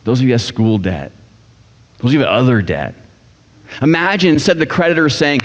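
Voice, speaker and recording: Joking preacher in a reverberant church. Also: male voice, mid-range voice, animated, fast talker, long pauses. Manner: casual, joking preacher voicing characters. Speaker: pastor. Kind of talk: sermon. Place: church sanctuary. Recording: dull sound with long church reverb.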